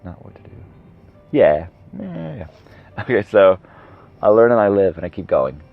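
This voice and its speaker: With a lowish, creaky, sing-song voice at a moderate pace, this podcast host in his thirties talks solo. He rambles casually and keeps correcting himself while straying onto tangents. Music runs behind a dull lo-fi recording.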